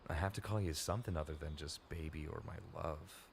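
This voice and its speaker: A man playing a devoted, steady male warrior hero in a fan audio drama, acting scenes and narrating calmly. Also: extremely low pitch, a little fast, gravelly, slight background noise. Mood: tender.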